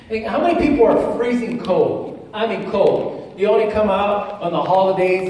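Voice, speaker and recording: A preacher giving a sermon, moving between animated, shouted bursts and conversational storytelling with asides. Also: medium pitch, slight background noise. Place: church sanctuary. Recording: echoey church hall, voice far from the mic.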